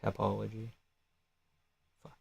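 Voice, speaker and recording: A man's voice: fairly low pitch, completely flat delivery, slow pace, creaky, a little mellow, breathy edge. Casual young man streaming fight reactions. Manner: loose, profane, chatty, reads and answers chat. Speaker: live streamer.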